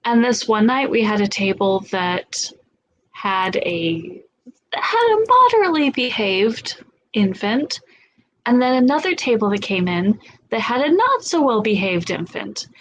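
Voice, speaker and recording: Woman host, 30s, slightly high voice, blunt and profane storyteller, light hiss behind her. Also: sing-song, measured pace, rough recording. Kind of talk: casual chat.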